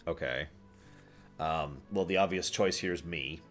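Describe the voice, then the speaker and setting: A man's voice: extremely low pitch, a little slow, faint music behind. A man playing a tabletop role-playing game, chatting casually and thinking aloud with many restarts.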